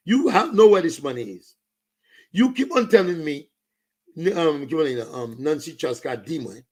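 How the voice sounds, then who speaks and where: Saint Lucian man, fiery political rant, raised pitch, gravelly edge. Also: dark tone. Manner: ranting, switching into Creole and French. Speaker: political commentator.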